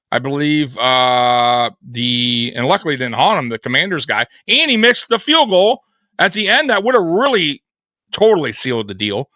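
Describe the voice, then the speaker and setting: A man's voice: fairly high pitch, bright, forceful tone, no room sound, clean studio sound. A man co-hosting a live sports show, talking casually, profane and rambling.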